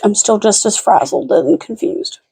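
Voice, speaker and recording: A woman's voice: medium pitch, normal speed, gravelly, dark tone, breathy edge. A young woman rambling casually in a late-night home vlog, frazzled and chatty, cooing baby talk at her dogs in between. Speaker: vlogger.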